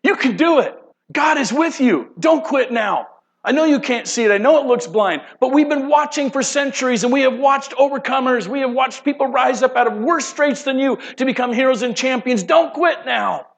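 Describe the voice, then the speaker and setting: A man voicing cheering angels in a sermon, shouting encouragement. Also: very high-pitched, expressive, normal speed, pitched above the performer's own voice.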